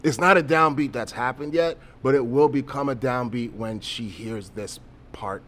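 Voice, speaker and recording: A man's voice: medium pitch, normal speed, fairly bright tone. A man hosting a casual podcast, joking around and swearing freely as he tells stories. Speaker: podcast host.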